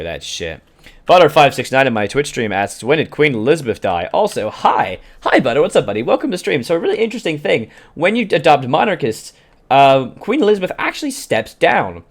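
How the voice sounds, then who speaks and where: A man talks through a strategy game at his desk mic in a loose, chatty way, cursing now and then. His voice sits at an ordinary middle pitch. He keeps stopping to answer viewers in his live chat. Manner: chatty, profane, reads out chat questions. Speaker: video game streamer. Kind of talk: casual gameplay commentary.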